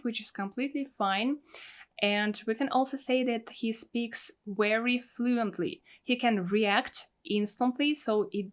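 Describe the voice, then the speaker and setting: A woman who teaches Russian, a native Russian speaker, explaining things in English in a reaction commentary. She talks steadily and explains as she goes, using lots of fillers like "like" and "actually". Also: medium pitch.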